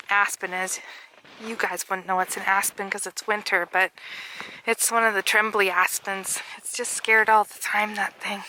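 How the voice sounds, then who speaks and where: A woman's voice: mid-range voice, bright, forceful tone, a little hiss or hum, low-quality recording. A woman chatting casually and rambling with light jokes while walking through her backyard garden in winter. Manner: rambling, jokey, laughs often. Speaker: vlogger.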